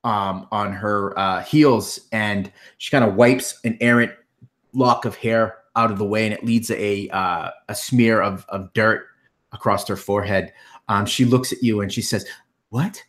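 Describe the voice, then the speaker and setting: A man narrating as game master of a tabletop fantasy game, halting with many fillers. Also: fairly low pitch, steady tone, fairly bright tone.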